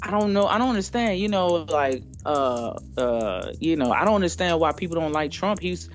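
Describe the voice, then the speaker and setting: A man's voice: a little high, animated, normal speed, close to an everyday voice. A man voicing a female coworker who gushes in breathless, adoring praise, stumbling over her words, with faint music behind. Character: gushing female coworker, Navy veteran, politician fan.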